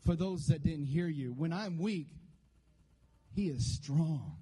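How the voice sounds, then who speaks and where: Male pastor, high but mellow voice, preaches casually with jokes and congregation call-outs. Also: takes it slowly, husky. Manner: conversational, joking, call-and-response with the congregation. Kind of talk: sermon.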